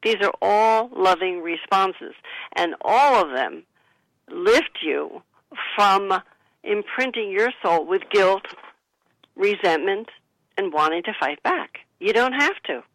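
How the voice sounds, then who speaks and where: Gravelly, bright-voiced woman counseling calmly. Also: mid-range voice, slow pace, dry recording, rough recording. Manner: calm, counseling, gives sample phrases to say. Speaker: psychic author, guest. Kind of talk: radio interview, advice-giving.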